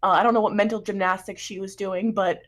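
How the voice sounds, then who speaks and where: A woman recapping a tabletop game session in a fast, chatty, giggly way. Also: mid-range voice, fairly even intonation, slight background noise.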